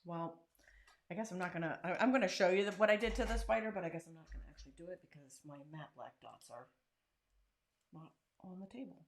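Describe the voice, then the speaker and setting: A woman's voice: on the low side, animated, fast. A woman hosting a casual crafting tutorial, chatting and joking while she works. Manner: chatty and self-deprecating, talks while working. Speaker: craft channel host.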